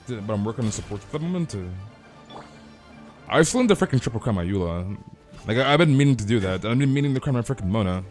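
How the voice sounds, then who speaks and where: A man's voice: mid-range voice, animated, fast talker, darkish tone, faint music behind. A young man streaming a game, chatting casually in slang and often stumbling over repeated words. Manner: stammering repeats, slangy, reads chat aloud. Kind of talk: casual live-stream chat while gaming.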